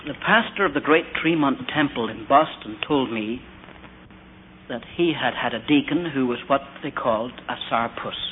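A man's voice: medium pitch, moderate pace, slight background noise. A man preaching a sermon, telling stories and asking rhetorical questions. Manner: storytelling with quoted asides and rhetorical questions. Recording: tinny phone-like old recording.

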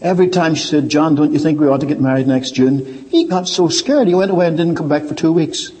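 An older man preaching a sermon, telling stories and swinging between quiet low asides and raised, emphatic points. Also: expressive, fast. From Ireland. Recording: reverberant hall.

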